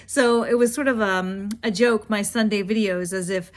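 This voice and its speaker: A woman hosting her own book channel, talking in a relaxed, chatty way. She rambles a little as she goes, pitched in the middle for a woman. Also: normal speed. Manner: chatty, rambling, warm praise of other creators. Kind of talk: casual chat.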